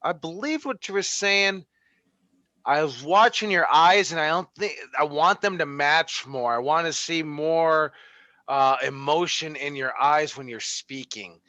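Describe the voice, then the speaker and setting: Wrestling coach guy running class on a call, bright sharp voice, dry dull lo-fi sound. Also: fairly high pitch, dry recording. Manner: brisk, encouraging. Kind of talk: running a class over video.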